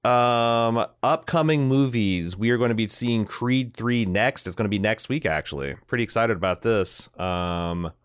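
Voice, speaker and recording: A man co-hosting a podcast, chatting casually about movies, animated and swearing freely. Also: lowish voice, moderate pace, few pauses, clear, resonant tone, no room sound, studio quality. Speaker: podcast co-host.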